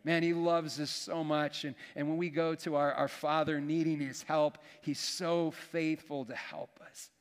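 A man's voice: on the high side, level tone, unhurried, few pauses, clear, resonant tone. A man preaching as a pastor, earnest and folksy, often restarting his words. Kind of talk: sermon. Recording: long hall reverb.

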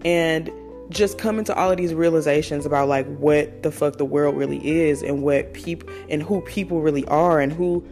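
A woman's voice: low-pitched, moderate pace, darkish tone, soft background music. Candid, profane woman in her twenties. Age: 20s. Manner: candid, profane, conversational with slang. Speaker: podcast host. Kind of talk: casual personal monologue.

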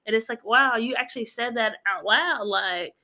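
A married woman co-hosting a podcast in casual chat, animated and joking, laughing often. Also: on the high side, normal speed. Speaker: podcast co-host.

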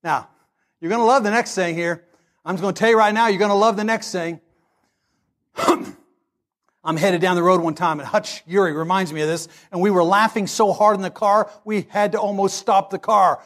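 A man preaching a sermon, telling a story with animated delivery that builds into shouting. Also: high voice, moderate pace.

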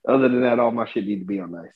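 A man's voice: mid-range voice, racing, husky. Joking man on a tinny phone-like line. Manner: joking, profane. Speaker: podcast co-host. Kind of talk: casual chat.

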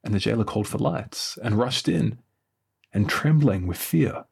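A man leading morning prayer, reading scripture aloud in a measured, solemn way and lifting his voice slightly for quoted speech. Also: lowish voice, expressive, creaky, a little mellow, breathy edge.

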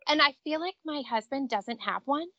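A woman in her thirties, a company director, telling stories in a chatty, animated way as a guest in a casual interview. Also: sits high, normal speed, dry recording, lo-fi sound. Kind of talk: casual interview over a call. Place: vacation home with traffic outside.

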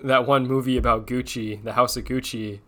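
Joking, rambling podcast co-host. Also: male voice, medium pitch, fairly even intonation, normal speed, fairly bright tone. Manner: joking, rambling, swears freely. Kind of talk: casual podcast chat.

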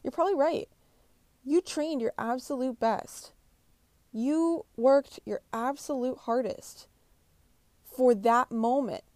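A woman's voice: sits high, takes it slowly, pauses often, darkish tone, dry recording. Brief: young woman, brash no-nonsense motivator, heavy swearing, dry close sound. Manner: blunt, swears constantly, pushy pep talk. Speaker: motivational speaker. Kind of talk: profane motivational monologue.

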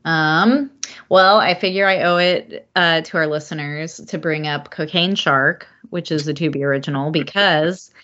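A woman's voice: low voice, normal speed, a bit bright, muffled recording. A woman co-hosting a podcast, giggly and easygoing as she talks about films. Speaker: podcast co-host. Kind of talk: casual movie review chat.

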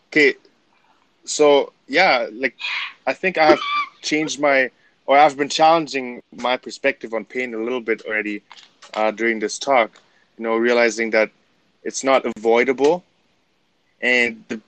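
A man's voice: mid-range voice, fairly bright tone, low-quality recording. Reflective German-accented man. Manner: reflective, halting, searches for words. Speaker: podcast co-host. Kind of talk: casual chat.

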